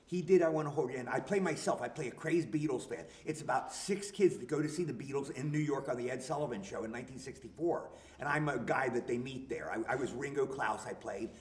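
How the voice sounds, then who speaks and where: An older man, an actor guest at a convention, telling stories in an animated way and acting out comic bits. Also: mid-range voice, quick pace, hardly any pauses. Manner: animated, tells anecdotes and acts out bits. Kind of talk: convention interview storytelling. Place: convention hall, live stream. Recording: echoey room.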